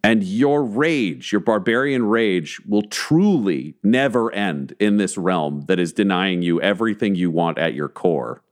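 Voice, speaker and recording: A man running a tabletop game as game master, narrating in a theatrical, building style. His voice sits low and ranges widely, rising and falling for drama. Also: lively intonation. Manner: slow, building, theatrical storytelling.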